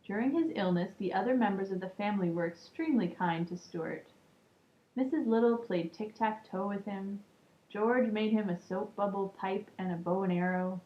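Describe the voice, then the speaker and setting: A woman with a medium-pitched voice reads a children's storybook aloud at normal speed, staying calm and dropping in casual asides. She's in an echoey room, and the sound is muffled and lo-fi.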